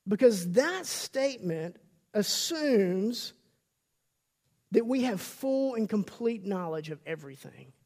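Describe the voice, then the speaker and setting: A man's voice: sits high, big pitch swings, slow pace, darkish tone. A middle-aged man preaching a sermon as pastor, emphatic, with stammered restarts and quoted voices acted out.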